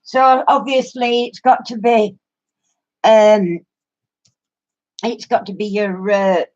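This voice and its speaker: A woman's voice: mid-range voice, fairly even intonation, slow pace, a little mellow. An older woman with a Yorkshire accent, a craft vlogger chatting to viewers and telling a story with lots of laughter. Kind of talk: casual chat to viewers. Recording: muffled lo-fi recording.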